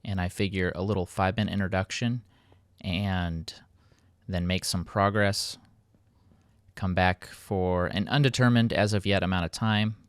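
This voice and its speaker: A man's voice: low voice, steady tone, moderate pace, clear, resonant tone, no echo, clean studio sound. A man hosting a casual gameplay commentary, rambling and poking fun at himself. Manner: rambling, self-mocking, playful. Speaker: let's play host.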